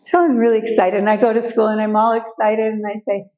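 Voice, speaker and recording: An older woman speaking as a guest speaker, telling personal stories in a lively way and acting out the voices of the people in them. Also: a little high, quick pace, highs cut off. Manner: lively storytelling, acts out quoted voices. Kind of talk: personal storytelling talk. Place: event room.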